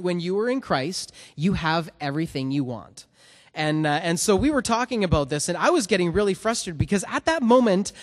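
A man, speaking in a slightly higher register, shares a personal testimony before a worship song. He tells it in an earnest, rambling way, often stopping to restart his sentences. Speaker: worship musician.

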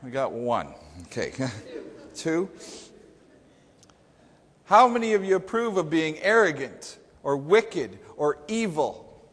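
A man's voice: fairly high pitch, big pitch swings, slow pace, long pauses, fairly bright tone, husky. A man preaching a sermon to a congregation, conversational and emphatic, putting questions to the people in front of him. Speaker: pastor. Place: church sanctuary before a congregation. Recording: long hall reverb.

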